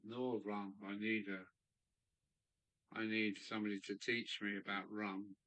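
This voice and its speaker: A man's voice: on the low side, level tone, unhurried, pushed and bright, low-quality recording. A man hosting a live stream, chatting casually and rambling as he muses aloud and answers viewers. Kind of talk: casual chat reading viewer comments. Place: hobby room in a loft.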